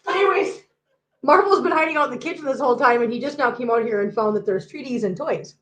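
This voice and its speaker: A woman's voice: high-pitched, fast talker, roomy sound, poor audio. A woman hosting a casual livestream from home, chatting and joking while she talks to her cats. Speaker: host.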